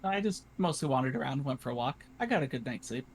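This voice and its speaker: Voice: medium pitch, lively intonation, quick pace. A player at a tabletop game, talking in a hesitant, rambling way. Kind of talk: casual tabletop game chat. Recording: faint background noise.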